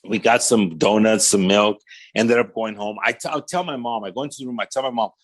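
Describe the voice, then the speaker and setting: Socal guy telling his testimony, real animated, keeps tossing in "man" and "right?". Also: lowish voice, fairly quick. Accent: Southern California. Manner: animated storyteller, acts out voices in quotes; conversational, fillers like "man" and "right?". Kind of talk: casual storytelling testimony.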